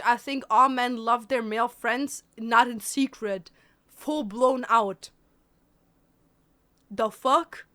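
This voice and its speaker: A woman chats on a livestream. Her voice sits a little high and sounds bright. She talks bluntly and teases freely. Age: 20s. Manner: blunt, teasing, switches between English and German. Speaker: streamer. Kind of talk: casual livestream chat.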